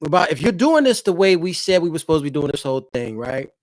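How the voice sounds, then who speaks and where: A man's voice: a little high, big pitch swings, fast, dry recording. A married man hosting a casual live stream from his home, chatting loosely and directly with his viewers. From eastern United States. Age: adult, married father. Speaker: livestream host.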